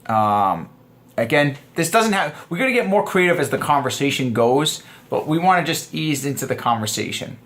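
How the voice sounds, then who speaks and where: A man's voice: fairly high pitch, animated, moderate pace, a bit bright. A young man giving a casual dating lesson to camera, talking loosely and acting out both sides of example conversations. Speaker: dating coach. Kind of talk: casual instructional talk to camera.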